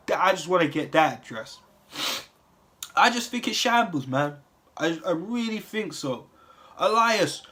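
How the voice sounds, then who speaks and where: A man's voice: sits high, sharp tone. A young man delivering a heated, profane rant with exasperated rhetorical questions. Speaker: wrestling commentary vlogger. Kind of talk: profane ranting monologue.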